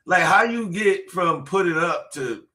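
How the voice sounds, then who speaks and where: A man's voice: sits high, expressive, unhurried, noisy background. A male podcast co-host reacting to clips in a crude, incredulous, joking way. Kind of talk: casual reaction commentary.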